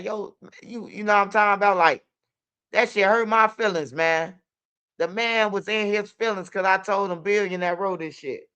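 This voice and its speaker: A man's voice: high voice, moderate pace, pushed and bright, clean tone. A young man with a Chicago accent telling street stories in loose, profane casual talk. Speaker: interviewee. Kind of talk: casual storytelling.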